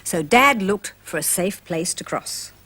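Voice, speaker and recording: Woman storyteller for kids, husky voice, slow and sing-song delivery. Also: fairly low pitch. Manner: gentle, expressive, addresses children directly. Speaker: children's storyteller. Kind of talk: storybook narration for children.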